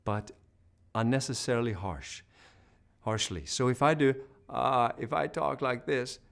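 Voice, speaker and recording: A man's voice: mid-range voice, measured pace, vocal fry. Male voice teacher demonstrating sung notes. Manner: encouraging, demonstrates vocal sounds and sung notes. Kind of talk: singing lesson instruction.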